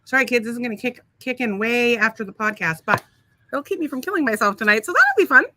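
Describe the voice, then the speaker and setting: Bright, lively woman podcast host. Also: a little high, fast, a little hiss or hum. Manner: blunt and profane, laughs often. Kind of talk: casual chat.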